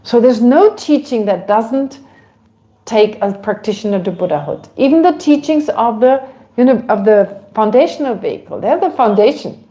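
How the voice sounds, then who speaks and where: Warm conversational woman Buddhist teacher. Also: fairly high pitch, lively intonation, normal speed. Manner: conversational, many asides and restarts, laughs lightly. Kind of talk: relaxed online dharma class.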